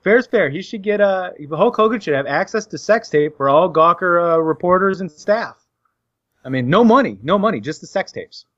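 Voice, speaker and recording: A man's voice: high-pitched, expressive, normal speed, fairly bright tone, dry recording. Give me a sarcastic man ranting with many fillers, on dull, dry audio. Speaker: podcast co-host. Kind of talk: casual opinionated banter.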